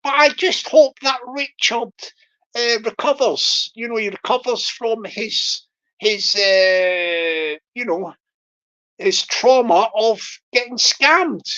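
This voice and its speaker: A woman's voice: fairly high pitch, takes it slowly, pushed and bright. A woman hosting her own channel, chatting in a rambling casual way with many restarts and fillers. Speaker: channel host. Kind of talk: rambling casual vlog chat. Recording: dull lo-fi recording.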